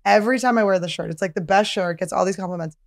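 A woman's voice: mid-range voice, very fast, vocal fry, no room sound, clean studio sound. A woman comedian hosting her podcast, chatty and self-mocking, laughing often and swearing freely. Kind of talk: casual podcast chat.

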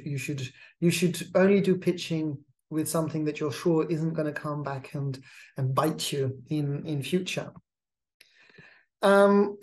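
A host giving a measured, advisory talk on pitching, often repeating words as they restart a phrase. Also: a little mellow. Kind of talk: instructional monologue.

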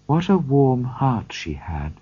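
Guy doing a serious old spirit, low measured voice, slow and husky. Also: big pitch swings, mellow, muffled recording, exaggerated voice. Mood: solemn. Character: solemn old male Christmas spirit.

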